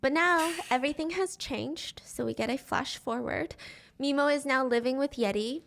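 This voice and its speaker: A woman telling a dramatic story to friends in a casual, animated way, acting out the characters' lines as she goes. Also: high-pitched, normal speed, creaky. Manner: animated, acts out quoted lines.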